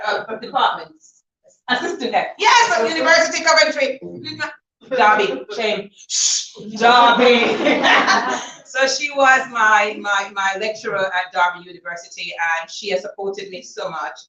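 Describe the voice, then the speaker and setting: A woman giving a chatty, laughing thank-you speech to guests at her book launch, telling lively stories. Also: fairly high pitch. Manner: chatty, laughing, animated storytelling. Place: event hall. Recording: dull, roomy, from far off.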